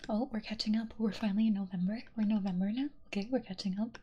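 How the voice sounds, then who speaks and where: A woman streamer in soft-spoken ASMR stream chat, slipping between whispers and quiet talk and giggling often. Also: medium pitch, steady tone, fast, highs cut off, a little hiss or hum.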